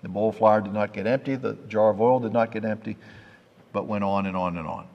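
A man's voice: lowish voice, steady tone, fairly quick, muffled recording. A man giving a sermon and reading scripture aloud, breaking off for conversational asides to his listeners. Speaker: preacher teaching from scripture. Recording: long reverb of a hall.

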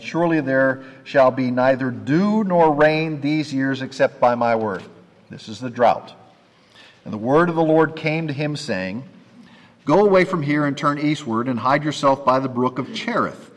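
A man giving a sermon and reading scripture aloud, breaking off for conversational asides to his listeners. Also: medium pitch. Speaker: preacher teaching from scripture. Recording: long reverb of a hall.

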